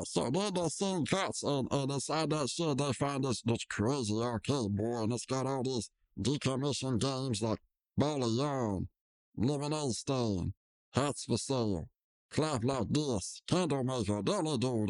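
Stumbling, lively podcast co-host. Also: mid-range voice, measured pace. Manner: stumbling, repeats words, mimics characters. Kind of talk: casual episode recap.

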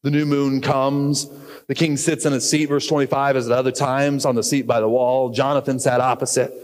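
A pastor preaching a sermon, telling the story earnestly and asking questions of the congregation. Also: male voice, mid-range voice, little pitch movement, normal speed. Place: church sanctuary. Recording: reverberant church hall.

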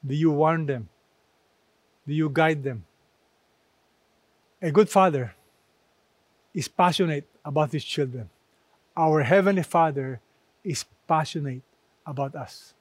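A man preaching a sermon, slow and emphatic, repeating key phrases and quoting scripture. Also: fairly high pitch, dry recording.

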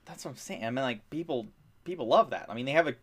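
A young man chatting casually as a podcast co-host, rambling with lots of fillers, getting excited and swearing freely. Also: medium pitch, fast talker. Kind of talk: casual chat.

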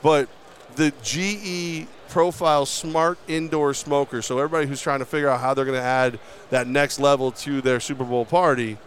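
A man's voice: mid-range voice, steady tone, moderate pace, few pauses, a little hiss or hum. A man from upstate New York co-hosting a casual radio interview, joking and laughing often, with ad reads mixed in. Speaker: radio co-host. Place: outdoor radio row booth.

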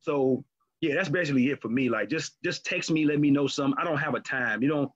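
A man in casual chat as a podcast co-host, talking candidly and profanely with animated storytelling. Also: medium pitch, fast talker, breathy edge. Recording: lo-fi muffled recording.

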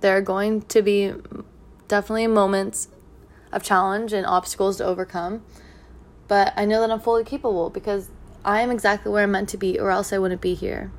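A woman speaking in an earnest, reflective monologue about healing, repeating gentle affirmations. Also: mid-range voice, level tone, a little fast. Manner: soft, earnest, repetitive affirmations. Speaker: spiritual speaker.

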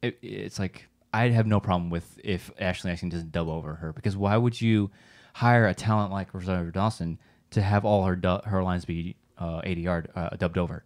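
A man co-hosting a casual livestream chat, talking in an excited, rambling way with many fillers. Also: sits low, moderate pace. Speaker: podcast co-host.

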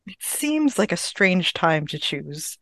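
A woman's voice: on the low side, sing-song, slow, a bit bright, dry recording. Wry woman teasing through a movie chat. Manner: wry, teasing short remarks. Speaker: podcast co-host. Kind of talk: casual movie recap chat.

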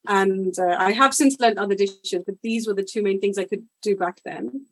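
A woman's voice: medium pitch, normal speed, poor audio. A woman born in India talking as a podcast guest in casual interview conversation, reflective and full of fillers and restarts, laughing often.

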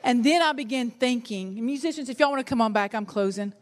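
A middle-aged woman, preaching a sermon and telling a personal story with animated, self-mocking humor. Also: a little high, fairly quick, in a large hall. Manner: animated storytelling, laughs at herself. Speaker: pastor's wife and preacher.

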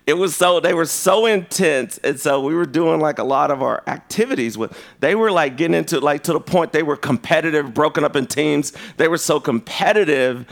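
A man preaching a conversational sermon. He tells stories in an animated way, and his pitch jumps sharply. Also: moderate pace, gravelly.

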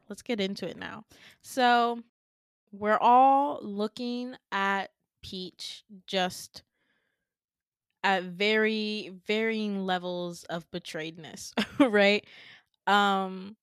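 Animated young woman retelling a dream. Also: medium pitch, drawn-out words, clean tone, no echo, studio quality. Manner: animated, swearing, laughing asides. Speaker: podcast host. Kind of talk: casual storytelling.

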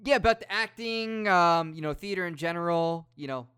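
A young man hosts a casual chat, nudging his guest along with encouraging questions. His voice is smooth and clear, pitched a little high for a man. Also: normal speed, pushed and bright. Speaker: host.

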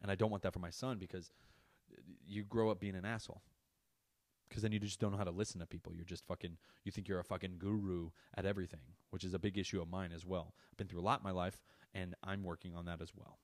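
A man with a fairly low voice hosts a podcast in a loose, casual monologue. He rants with exasperated, profane energy about parenting. The recording is dry and close, with no room echo. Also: level tone, quick pace. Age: adult parent. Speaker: podcast host.

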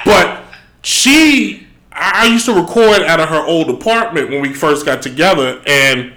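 A man's voice: on the high side, animated, brisk, sharp tone. A man from the Bronx with a New York accent, hosting a sports podcast and telling playful stories in casual slang. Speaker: podcast host.

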